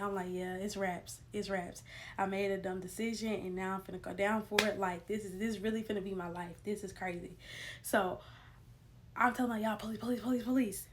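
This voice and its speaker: Animated young woman telling a story. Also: mid-range voice. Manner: animated, slangy, addresses viewers as y'all. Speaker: storytime vlogger. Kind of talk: casual storytelling to camera.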